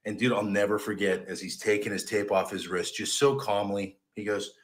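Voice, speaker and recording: A man's voice: fairly low pitch, moderate pace, hardly any pauses. A man who played as a football long snapper, telling a casual story and often checking in with "right?". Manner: animated, chatty, says "right?" a lot.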